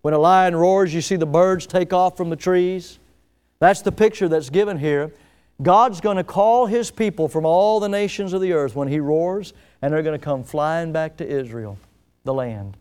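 A man preaching a sermon at an evening church service. He tells a story dramatically, swelling loud and then dropping soft, and slows down to stress key words. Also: on the high side, smooth. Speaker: pastor.

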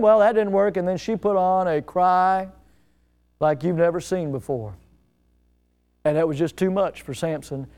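High, clear-voiced preacher with emphatic delivery. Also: male voice, normal speed, darkish tone. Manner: emphatic, storytelling, rhetorical questions, repeats words. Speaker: pastor. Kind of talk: sermon.

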